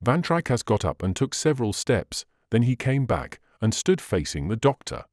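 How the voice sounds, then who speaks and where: A man narrating a classic novel as an audiobook in an expressive storytelling manner. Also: medium pitch, moderate pace, no room sound, studio quality.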